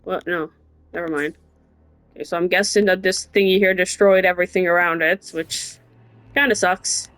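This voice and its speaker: A woman's voice: lowish voice, steady tone, moderate pace, fairly bright tone, no echo. A young woman casually chatting and muttering to herself while playing a game, now and then swearing. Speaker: gaming streamer. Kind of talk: casual gameplay commentary.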